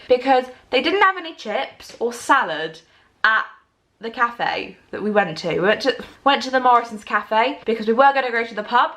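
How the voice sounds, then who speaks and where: A woman's voice: medium pitch, fairly bright tone. A young woman, chatting candidly to camera in a vlog. She rambles and vents in an exasperated way. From England. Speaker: vlogger. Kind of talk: casual chat to camera.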